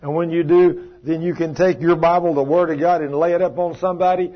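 Brief: fervent man preaching, husky, fairly high voice, dull lo-fi. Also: fairly even intonation, a little fast. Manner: fervent, emphatic, tells stories with acted quotes. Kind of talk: sermon.

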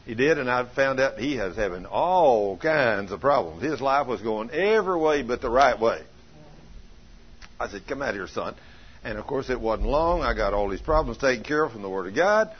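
A man preaching a sermon, telling folksy stories and swinging from loud to hushed. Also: mid-range voice, expressive, normal speed, husky. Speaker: pastor. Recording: dull lo-fi sermon recording.

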